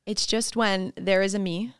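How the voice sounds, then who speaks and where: A woman's voice: medium pitch, steady tone, normal speed, smooth, no room sound, studio quality. A woman guest on a podcast, chatting casually and laughing as she acts out what people said to her. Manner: bubbly, laughing, acts out quotes in voices. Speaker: podcast guest, fitness coach. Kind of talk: casual interview chat.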